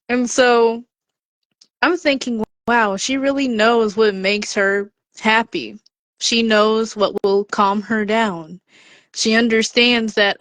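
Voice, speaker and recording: A woman's voice: on the high side, slow, dry recording. A woman on a podcast telling a personal story and offering encouragement, acting out the voices she quotes. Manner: lively storyteller who acts out the quoted voices. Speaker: podcast contributor.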